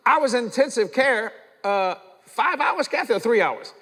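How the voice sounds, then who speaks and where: An older man preaching a sermon, telling stories in a folksy, animated way and acting out the dialogue. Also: very high-pitched, moderate pace. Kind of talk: sermon with storytelling. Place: large church. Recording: reverberant church hall.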